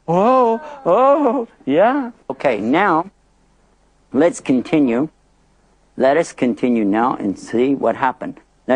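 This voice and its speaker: A man's voice: mid-range voice, darkish tone, dry recording. A man narrating a prophet story in a chatty, playful, dramatic way. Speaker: Islamic storyteller.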